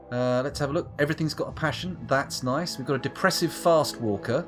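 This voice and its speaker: A man's voice: mid-range voice, fairly quick, hardly any pauses, music in the background. A man giving playful, jokey live gameplay commentary as a streamer, with muttered asides. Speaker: game streamer.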